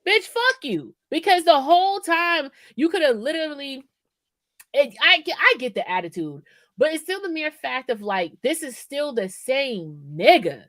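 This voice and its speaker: A woman's voice: sits high, sing-song, moderate pace, a bit bright, no room sound. A woman co-hosting a podcast in casual, profane chat, rambling and often checking in with "right?". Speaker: podcast co-host.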